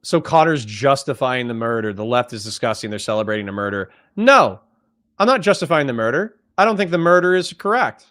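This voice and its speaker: A man's voice: mid-range voice, sing-song, fairly bright tone, no echo, studio quality. A man hosting a political stream, ranting angrily and swearing as he argues with callers. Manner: angry, profane, rapid ranting. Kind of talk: heated political debate.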